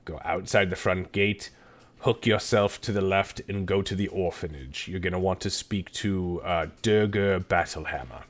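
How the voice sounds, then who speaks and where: A man voicing an older male dwarf who is gruff but kindly, with a folksy, drawn-out manner. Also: low voice.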